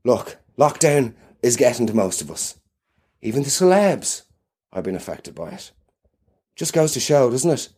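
An Irish man hosting his own show, delivering an animated, sardonic comedic monologue. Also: mid-range voice, moderate pace, slightly rough.

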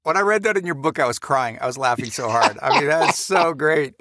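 A man's voice: medium pitch, expressive, fairly quick, background noise. A man hosting an interview podcast, enthusiastically setting up his guest's stories. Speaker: podcast host.

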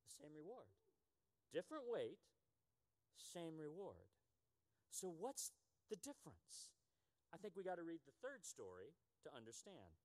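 A man in his fifties, a pastor preaching a sermon with animated, humorous storytelling. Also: a little high, unhurried, long pauses, in a large hall. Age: 50s.

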